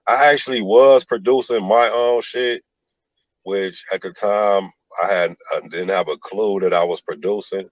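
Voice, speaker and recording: Very deep-voiced laid-back man. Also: fairly even intonation, unhurried, dry recording, highs cut off. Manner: laid-back storytelling with many "like" fillers. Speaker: rapper and producer guest. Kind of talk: casual interview talk.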